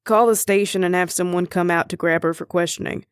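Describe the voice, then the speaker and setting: A woman narrator voicing a steady male police chief who speaks calmly and in a businesslike way. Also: fairly low pitch, brisk, clear, resonant tone, no room sound, studio quality, close to an everyday voice.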